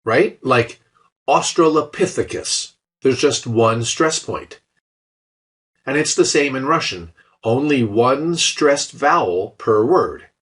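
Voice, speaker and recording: Husky man narrating a language lesson. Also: mid-range voice, expressive, slow pace, fairly bright tone. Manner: explanatory, with light dry jokes. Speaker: language teacher. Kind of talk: scripted instructional narration.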